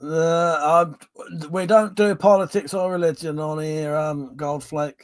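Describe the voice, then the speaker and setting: A man's voice: fairly high pitch, fairly even intonation, measured pace, no echo. A man hosting a casual livestream from home, reading out viewer comments with frequent laughs, banter and swearing. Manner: chatty and swearing, laughs often, drinking on stream. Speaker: livestream host.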